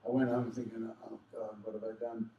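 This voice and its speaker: An older man with an Australian accent, telling lively anecdotes to a convention audience and slipping into the voices of people he mentions. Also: on the low side, a little fast, vocal fry, dull audio, a little hiss or hum. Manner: animated, does voices of people in his stories. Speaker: convention panel guest. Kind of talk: storytelling anecdotes to a live audience. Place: convention hall. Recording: roomy hall, mic at a distance.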